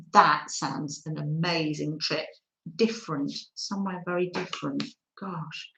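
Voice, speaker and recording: Animated woman chatting on a livestream. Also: medium pitch, echoey room. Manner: animated, reads out and answers viewer comments; laughs often. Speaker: livestream host.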